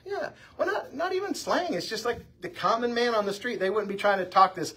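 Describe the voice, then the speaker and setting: Husky man, Bible class teacher, chatty anecdotal delivery. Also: very high-pitched, brisk. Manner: conversational, anecdotal, lively delivery. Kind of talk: informal church class teaching. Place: church classroom.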